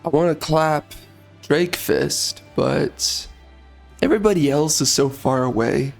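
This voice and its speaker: A man giving casual gameplay commentary, ranting bluntly in a hoarse voice and dropping mild minced swears. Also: on the high side, slow, faint music behind.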